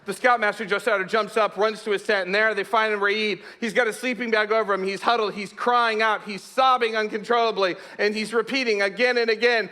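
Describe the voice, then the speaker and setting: A man telling a humorous personal story to an audience, laughing often and dropping to a hush for suspense. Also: high voice, fairly even intonation, fairly quick, few pauses. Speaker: speaker.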